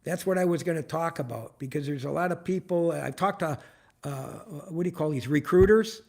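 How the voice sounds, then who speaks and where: The older man's voice, highish and a little mellow, moves briskly through his casual live stream. In his seventies, he rambles and swears in frustration while welcoming chat viewers by name, filmed on a tripod-mounted phone or camera.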